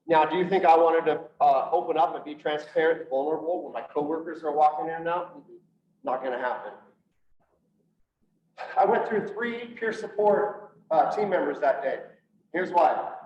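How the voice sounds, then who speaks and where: A man, a police officer, telling his personal story to an audience in an earnest way, slowing down for emphasis and acting out what others said. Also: on the high side, a little hiss or hum. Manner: earnest storytelling with quoted dialogue, slows for emphasis. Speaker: police officer and speaker on PTSD. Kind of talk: personal testimony talk to an audience. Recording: roomy echo from a distance, dull lo-fi sound.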